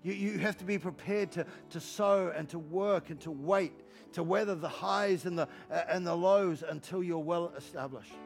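High-voiced gravelly preacher. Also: male voice, moderate pace, faint music behind. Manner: energetic, joking, repeats rhetorical questions. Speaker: pastor. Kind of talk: sermon. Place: church hall.

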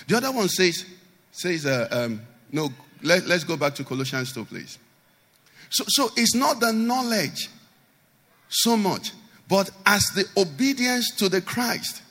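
Animated male pastor, bright and high-pitched, preaching with rhetorical questions. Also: a little slow, big-room sound. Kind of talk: sermon.

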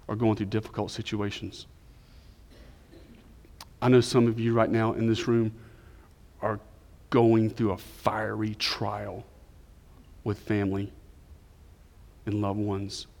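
A man in his forties preaching a sermon as pastor, moving between loud emphatic lines and hushed, near-whispered prayer. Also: mid-range voice, long reverb tail. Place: church sanctuary.

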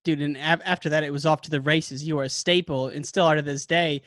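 Upbeat higher-voiced male host. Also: fairly even intonation, fast, fairly bright tone, no room sound, clean studio sound. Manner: upbeat, laughs easily, calls guest man and dude. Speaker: podcast host. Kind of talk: casual interview.

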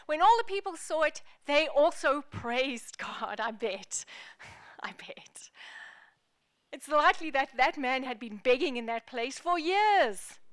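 A woman pastor preaching a sermon in an animated, playful, emphatic way. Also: high-pitched, no room sound, studio quality.

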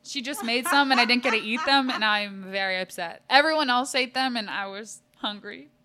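A woman of twenty-four hosting a casual podcast interview, upbeat and laughing often as she fires off quick questions. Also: a little high, background noise. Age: 20s. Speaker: podcast host.

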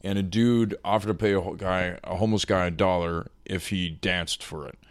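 A young man chatting casually, telling profane stories and acting out quotes loudly. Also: sits low, fairly even intonation, moderate pace, no echo. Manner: profane storytelling with loud acted quotes. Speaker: podcast guest, rickshaw driver. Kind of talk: casual chat.

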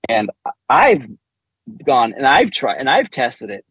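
A man's voice: medium pitch, big pitch swings, measured pace, a bit bright, slightly rough, dry recording, poor audio. A man in his forties, a podcast guest, candidly telling a personal story with frequent laughs and restarts.

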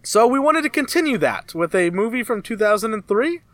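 A man's voice: high voice, very animated, a little fast, fairly bright tone, no room sound. A man co-hosting a casual podcast, steering the talk and announcing what comes next. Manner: leads the show, announces segments. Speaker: podcast co-host.

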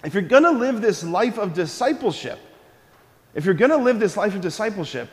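A man, a Catholic priest, giving an energetic homily at a school mass and drawing the congregation into call-and-response. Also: sits high, brisk. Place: church. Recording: long church reverb.

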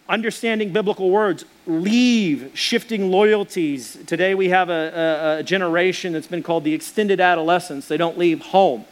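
A man with a fairly high voice preaches, weaving a personal story into his sermon. He tells it in an animated way and pokes fun at himself. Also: normal speed, few pauses. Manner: animated, self-deprecating storyteller. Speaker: pastor.

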